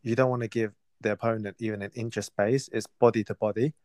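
Male podcast host, lowish voice, asks and recaps, dry close mic. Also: fairly even intonation, fast, a little mellow, dry recording. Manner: asks questions and recaps for listeners. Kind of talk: casual podcast chat.

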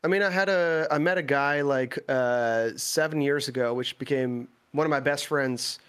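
A native Dutch speaker from the Netherlands joins a podcast as a guest over an online call, his smooth, fairly bright voice sitting at medium pitch and moving at a moderate pace. The chat is casual, and he gives long, winding explanations packed with fillers.

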